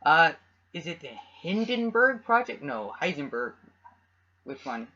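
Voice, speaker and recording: A man's voice: on the high side, big pitch swings, a little slow, bright, forceful tone. A young man from Canada co-hosting a casual podcast, rambling and restarting his sentences often. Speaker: podcast co-host. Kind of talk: casual chat. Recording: dull lo-fi home recording.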